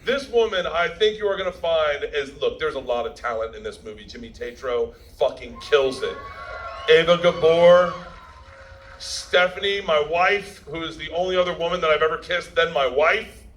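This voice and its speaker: A man's voice: fairly high pitch, animated, normal speed, fairly bright tone, a little hiss or hum, low-quality recording. A man giving a speech at a premiere, telling a story in a brash, profane, laughing way and acting out the quotes. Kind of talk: stand-up style storytelling speech.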